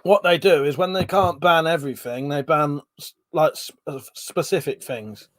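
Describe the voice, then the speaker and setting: A man's voice: fairly high pitch, moderate pace, dry recording. A man hosting a casual livestream, reading out viewer comments and swearing freely as he chats. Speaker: livestream host.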